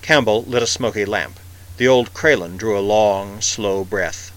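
Male narrator, scripted audiobook reading, measured and vivid, bright tone. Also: fairly low pitch, low-quality recording.

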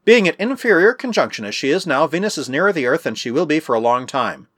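A man voicing an eager, excitable young male inventor in a storybook reading, all exclamations. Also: on the high side, fast, breathy edge, no echo, clean studio sound, heavily acted.

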